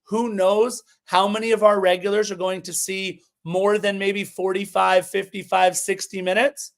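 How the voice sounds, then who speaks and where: A man co-hosting a casual sports podcast, animated and opinionated as he previews a match. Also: high voice, moderate pace, vocal fry. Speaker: podcast co-host.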